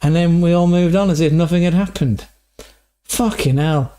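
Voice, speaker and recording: A man's voice: a little high, normal speed, warm tone. A man from England hosting a livestream, rambling through stories in a loose, sweary, casual chat. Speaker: livestream host.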